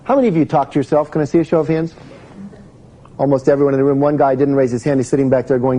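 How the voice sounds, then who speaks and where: A man with a mid-range, warm voice moves at a quick pace through a live motivational talk, addressing a room full of people and asking them questions. The audio quality is poor.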